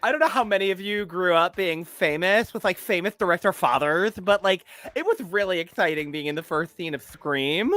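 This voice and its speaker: A man's voice: high-pitched, normal speed, few pauses, fairly bright tone, no room sound. A man doing a giddy celebrity actress impression. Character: bubbly celebrity actress, woman, giddy and dreamy.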